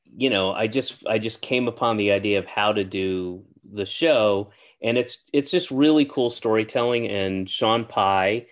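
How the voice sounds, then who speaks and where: A middle-aged man with a fairly low voice, chatting as an interview guest. He talks in a halting, meandering way, full of fillers and restarts. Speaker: interview guest, comedian and actor. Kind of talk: casual interview chat.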